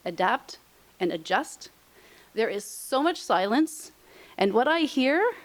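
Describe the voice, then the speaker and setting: A middle-aged woman presenting on aging and senior housing, speaking emphatically and repeating her points, openly emotional. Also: medium pitch. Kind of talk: heartfelt motivational talk.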